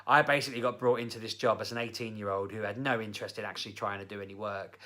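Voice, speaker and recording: A man's voice: fairly low pitch, rapid-fire. A young man casually telling rambling personal stories to camera, with lots of fillers. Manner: rambling, animated anecdotes with fillers. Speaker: vlogger.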